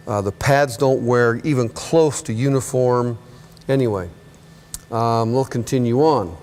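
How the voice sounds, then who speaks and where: A middle-aged man teaching an automotive class while working on a car in a repair shop, chatty and relaxed, often correcting himself. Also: mid-range voice, slight background noise. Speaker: automotive instructor. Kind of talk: hands-on workshop demonstration.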